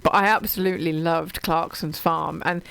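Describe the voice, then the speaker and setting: Middle-aged English woman, chatty radio book guest, lower register, rambling and effusive. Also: steady tone, normal speed, vocal fry, a bit bright, clear, resonant tone, rough recording. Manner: gushing, digressive, many ums and restarts. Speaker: radio show guest or presenter talking books. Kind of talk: casual chat about books on radio.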